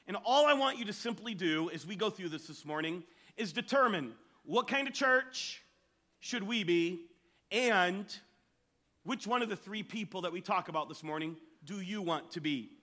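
Male pastor, high bright voice, emphatic sermon delivery. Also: expressive, moderate pace. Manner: emphatic storytelling preacher.

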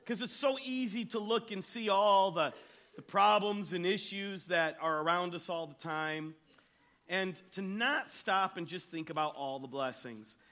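A man's voice: high-pitched, unhurried, sharp tone. A male pastor giving a sermon to his church in an emphatic storytelling style.

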